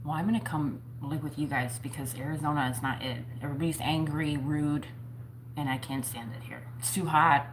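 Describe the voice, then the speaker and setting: Low-voiced, chatty woman streamer. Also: steady tone, a little fast, background noise. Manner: chatty, playful and self-mocking. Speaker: livestream host chatting with viewers. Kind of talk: casual chat. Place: home.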